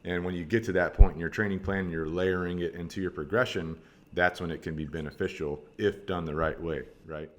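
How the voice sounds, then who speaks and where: A man's voice: deep voice, steady tone, a little fast. A man, a dog trainer hosting an interview, talking energetically and tagging sentences with "right?".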